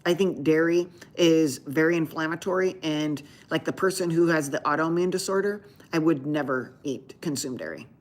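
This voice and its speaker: A woman's voice: deep voice, moderate pace, few pauses. A woman doctor hosting a live Q&A stream, chatting casually with viewers and telling a rambling story full of restarts.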